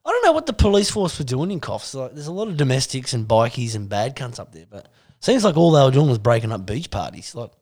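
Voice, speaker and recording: A man's voice: medium pitch, big pitch swings, quick pace, a little mellow. An Australian man chatting and telling stories in casual banter, swearing and laughing into his punchlines. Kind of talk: casual chat.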